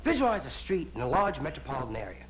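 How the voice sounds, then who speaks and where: A man from the United States telling stand-up stories, lively and playful, jumping into sudden voices. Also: fairly high pitch, quick pace, crowd noise, poor audio. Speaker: stand-up comedian. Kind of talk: live stand-up storytelling. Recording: hissy vinyl record of a live show.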